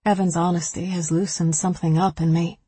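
A woman reading a first-person novel aloud, intimate and emotional. Her voice is low and very husky, almost breathy. The close studio recording is dry, with no room sound. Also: little pitch movement, brisk, warm tone, no echo. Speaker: audiobook narrator.

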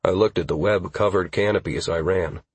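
A man narrating a first-person fantasy audiobook in a steady, even manner. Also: sits low, brisk, slightly rough, dry recording.

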